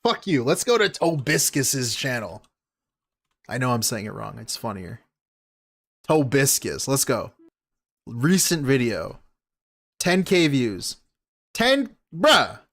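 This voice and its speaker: A man's voice: mid-range voice, big pitch swings, slow pace, creaky, long pauses, a bit bright. A man streaming a reaction, ranting angrily and swearing at the clip he is watching. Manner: angry, swearing, mocking rants. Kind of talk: profane reaction commentary.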